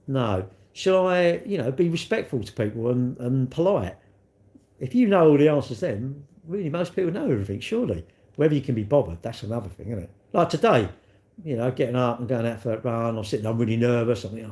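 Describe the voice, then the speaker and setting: A man's voice: medium pitch, lively intonation, fast, dark tone. A man hosting a live stream, chatting in a rambling, self-mocking way and answering viewers.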